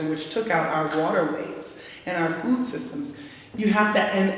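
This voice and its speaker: A woman from gives a keynote speech in a plain, folksy way and talks straight to the crowd. Her voice carries a long reverb from a large hall. She sounds some distance from the microphone, with a faint hiss underneath. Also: lowish voice. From South Louisiana, USA. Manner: folksy, direct, teasing the audience. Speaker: keynote speaker. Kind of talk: conversational keynote speech to a live audience. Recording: echoey hall, voice from far off, faint noise.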